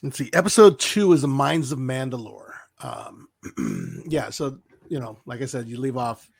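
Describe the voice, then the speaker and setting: A man co-hosting a podcast, retelling an episode in a rambling, animated way with playful asides. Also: mid-range voice, moderate pace, creaky, husky, no echo, studio quality. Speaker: podcast co-host. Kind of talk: casual chat.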